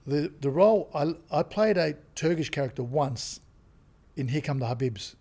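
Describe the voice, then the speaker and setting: An Australian man, a comedian and actor, chatting as a podcast guest and telling animated stories. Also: a little high, moderate pace. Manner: animated storyteller who acts out quotes. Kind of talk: casual interview chat.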